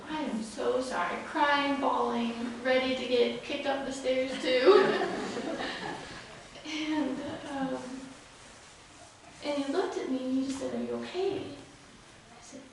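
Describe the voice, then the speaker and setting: A young woman giving an unscripted eulogy at a funeral, halting and full of fillers, with soft laughs between thoughts. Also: high-pitched, fairly even intonation, gravelly. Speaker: eulogy speaker. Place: funeral chapel. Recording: echoey hall picked up from far off with background noise.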